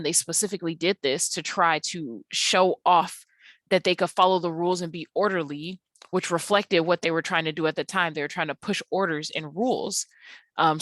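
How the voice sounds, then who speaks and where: A woman's voice: on the low side, a bit bright, no room sound. A woman teacher talking through lecture slides, explaining patiently with frequent ums and uhs. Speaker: English teacher.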